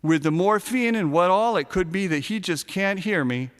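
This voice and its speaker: Sardonic man reading a story, smooth voice. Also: high voice, expressive, normal speed, big-room sound. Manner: sardonic, darkly comic storytelling with shouted punchlines. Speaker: narrator reading a short story. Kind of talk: first-person story reading.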